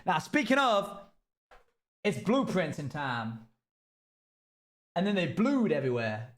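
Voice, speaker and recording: A man's voice: sits high, big pitch swings, slow. A British man chatting loosely to his live-stream audience while gaming, rambling and self-mocking.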